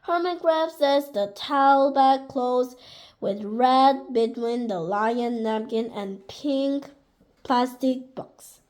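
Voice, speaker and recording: High-voiced woman reading a storybook slowly. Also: darkish tone. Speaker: storybook reader. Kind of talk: children's picture-book read-aloud.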